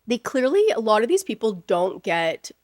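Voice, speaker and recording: A woman's voice: fairly high pitch, sing-song, moderate pace, darkish tone, no room sound, clean studio sound. A woman co-hosting a casual podcast, talking bluntly and animatedly and swearing freely. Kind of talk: casual chat.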